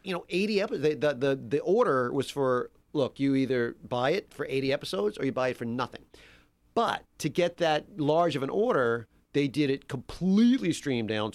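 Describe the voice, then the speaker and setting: Animated middle-aged man telling a story. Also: mid-range voice, normal speed, dry recording. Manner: animated storyteller, self-deprecating. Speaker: guest on a talk podcast. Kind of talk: casual chat, storytelling.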